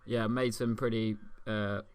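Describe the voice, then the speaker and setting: A man's voice: fairly low pitch, little pitch movement, measured pace, clean tone, dry recording. A man co-hosting a satirical news comedy podcast, talking in a rambling, giggly way with lots of fillers. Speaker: podcast co-host.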